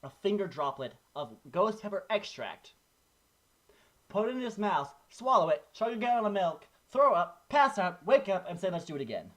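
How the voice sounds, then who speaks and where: A podcast co-host with a high voice chats casually at a moderate pace. He tells rambling, animated stories and keeps restarting his sentences.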